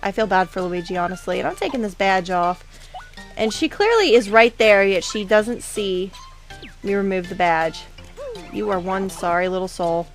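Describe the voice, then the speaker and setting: A woman hosts a game playthrough, rambling casually from one aside to the next in a voice of ordinary pitch. Faint game music plays quietly behind her. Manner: chatty, rambling, with many asides. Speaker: let's play host.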